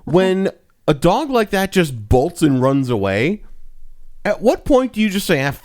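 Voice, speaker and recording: A man co-hosting a podcast in casual chat, relaxed and hesitant, with many fillers. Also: high voice, measured pace. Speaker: podcast co-host.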